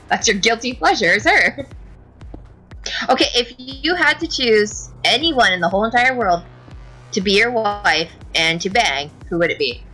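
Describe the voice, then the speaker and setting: A woman's voice: on the high side, animated, pushed and bright, soft background music, low-quality recording. A young woman hosting a game livestream, chatting and teasing her friend in a casual way. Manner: teasing, chatty, quick to tease and laugh. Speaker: streamer and host.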